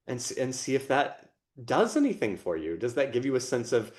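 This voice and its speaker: A man co-hosting a podcast, talking expansively about performance training and emotions in a relaxed conversational way. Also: mid-range voice, normal speed, hardly any pauses. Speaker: podcast co-host.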